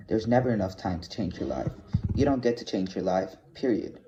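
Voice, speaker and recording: A man reads a novel aloud in a plain, measured way, now and then slipping on a word. His voice is low and mellow. The recording sounds dull and lo-fi, with a faint hiss. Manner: plain, measured reading with small slips. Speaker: reader of a novel.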